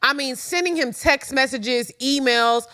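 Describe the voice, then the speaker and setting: A young adult woman co-hosting a podcast in casual chat, animated, laughing often and swearing freely. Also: high-pitched, measured pace. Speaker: podcast co-host.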